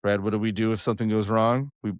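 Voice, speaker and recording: A young man hosting a podcast, joking loudly with a flat announcer-like delivery. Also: lowish voice, fast, no echo, studio quality. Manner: loud, joking, self-described monotone announcer delivery. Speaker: podcast host. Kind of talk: casual podcast chat.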